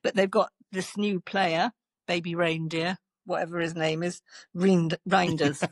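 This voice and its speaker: A woman's voice: on the low side, little pitch movement, a little slow, no echo, studio quality. An older woman with an English accent, chatting on a podcast, hesitant and wry, often repeating words. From England. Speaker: podcast co-host, journalist. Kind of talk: casual chat.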